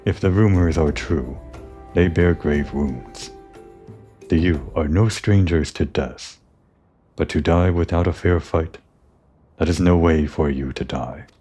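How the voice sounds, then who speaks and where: A man's voice: rumbling low, measured pace, mellow, breathy edge, soft background music, full character voice. A man reading out the lines of a proud, distrustful female tribal chieftain from a game, in a formal, solemn manner. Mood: grave. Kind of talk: reading game dialogue aloud.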